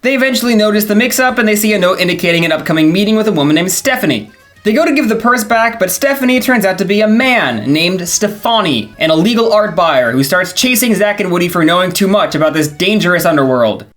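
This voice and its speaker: A man's voice: sits high, expressive, fast talker, fairly bright tone, soft background music. A man narrating a scripted video essay as its host, in a wry, sarcastic manner.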